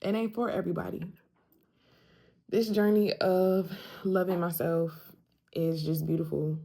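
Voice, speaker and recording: A woman's voice: low voice, creaky, warm tone. A young woman talking casually straight to camera, emphatic and slangy, often repeating lines for emphasis. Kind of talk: casual self-talk vlog.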